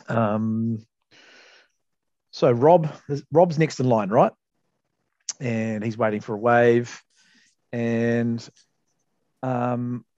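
A man's voice: medium pitch, darkish tone, dry recording, highs cut off. A man, co-hosting a podcast and telling a casual story, laid-back, laughing often and swearing freely. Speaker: podcast co-host.

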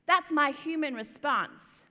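A woman's voice: high-pitched, expressive, slow pace, pushed and bright. A woman preaching a sermon, telling the story expressively and with emphasis, in a church hall. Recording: long hall reverb.

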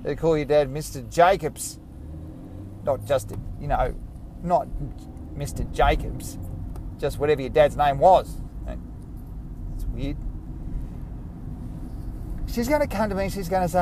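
A man's voice: fairly high pitch, expressive, slow, long pauses, mellow, a little hiss or hum. A man hosting his own podcast, chatting casually in a rambling, self-mocking way. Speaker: podcast host. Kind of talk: casual solo podcast monologue.

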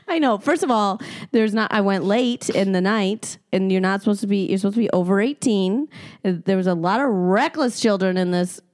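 A young adult woman co-hosting a podcast, telling travel stories in an animated, laughing, profane way. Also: mid-range voice, normal speed, slight background noise. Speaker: podcast co-host. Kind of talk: casual comedic storytelling.

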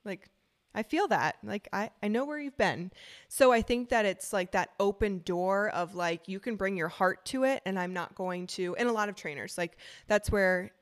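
A woman's voice: mid-range voice, normal speed. A young woman, a dog trainer co-hosting a podcast, talking frankly and chattily with many fillers. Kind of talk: casual podcast chat.

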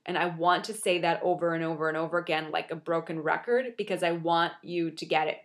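A woman's voice: low-pitched, fairly even intonation, a little fast, few pauses. A young adult woman giving an earnest, encouraging motivational monologue, repeating key phrases for emphasis. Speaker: motivational speaker.

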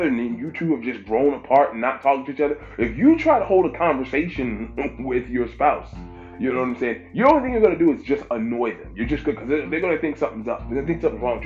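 A man's voice: on the high side, a little mellow. A man preaching informally as a pastor, emphatic and given to repeating phrases for stress. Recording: dull lo-fi with faint music.

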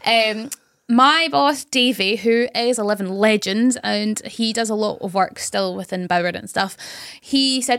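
A young woman with a Scottish Highlands accent, a radio presenter telling stories in casual podcast chat, laughing often. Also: unhurried, dry recording, clean studio sound. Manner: animated storytelling, laughs often.

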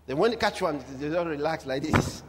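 A man preaching a sermon in a notably high voice, with vivid humor. He drives his points home through emphatic repetition and lively asides. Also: background noise. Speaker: pastor.

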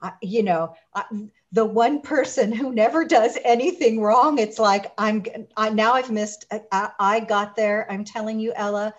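A woman guest in a casual interview, telling stories with lively acted-out quotes and frequent restarts. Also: mid-range voice, highs cut off. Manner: animated storyteller, acts out quotes.

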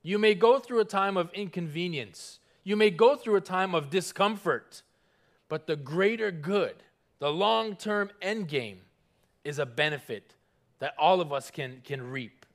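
Male pastor, high-pitched voice, earnest emphatic sermon delivery, slows for scripture, call-and-response. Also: expressive. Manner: slows down on scripture, stressing single words.

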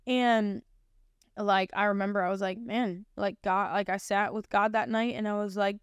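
A woman's voice: medium pitch, steady tone, moderate pace, a bit bright, clear, resonant tone, no echo, clean studio sound. A young woman in her twenties hosting a podcast and telling a personal faith testimony in a rambling, chatty way, full of fillers and earnest feeling. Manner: rambling, filler-heavy storytelling; earnest and emotional. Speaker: podcast host. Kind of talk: personal testimony, casual chat.

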